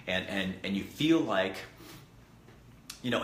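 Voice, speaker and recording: A man's voice: low-pitched, lively intonation, slow, long pauses, a bit bright. A man hosting a casual vlog, rambling and earnest as he tells a story and talks to viewers. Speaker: host. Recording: echoey room with faint background noise.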